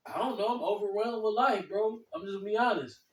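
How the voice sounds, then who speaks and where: A man chatting casually, animated and profane, acting out other people's lines as he tells stories. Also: high-pitched, fast talker. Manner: animated, quotes others in put-on voices, swears freely. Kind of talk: casual storytelling chat. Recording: echoey room from a distance.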